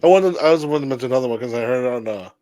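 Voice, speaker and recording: A man's voice: mid-range voice, lively intonation, very fast, mellow, dry recording. A man co-hosting a casual podcast chat, rambling and restarting as he recalls things. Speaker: podcast co-host.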